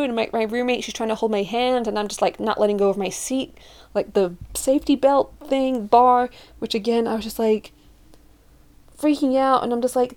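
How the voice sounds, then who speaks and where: Young woman, casual storytelling, animated, acts out quotes, warm mellow tone. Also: fairly high pitch, brisk. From living in Utah. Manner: animated, acts out her friends and herself in quoted voices.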